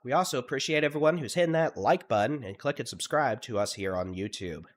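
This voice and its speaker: A middle-aged Texan man giving live severe weather updates, listing towns and hail timings in a steady, at times monotone briefing while congested from allergies. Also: mid-range voice, fast talker. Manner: steady briefing cadence, lists place names, at times monotone. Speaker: storm chaser and severe weather streamer. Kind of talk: live weather coverage commentary.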